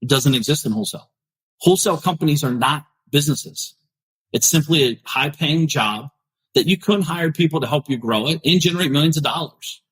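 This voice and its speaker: A man's voice: on the high side, brisk, a bit bright, slightly rough, poor audio. A middle-aged man hosting a podcast, ranting bluntly and confrontationally with lots of swearing, talking straight at his listeners. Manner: confrontational, swearing, addressing viewers directly. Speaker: podcast host. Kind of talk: blunt profane rant.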